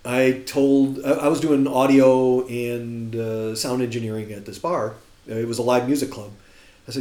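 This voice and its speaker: A man in a casual chat, telling animated, laughing anecdotes with lots of restarts. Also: mid-range voice, normal speed, reverberant.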